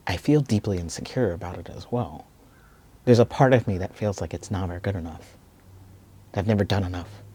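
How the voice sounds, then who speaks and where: Male video essayist, reflective storyteller, low husky delivery, earnest. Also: warm tone.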